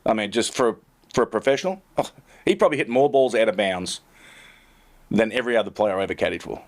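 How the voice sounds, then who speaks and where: A man's voice: lowish voice, fast. A middle-aged man, a tour caddy and co-host, telling rambling, self-mocking stories in casual chat full of fillers.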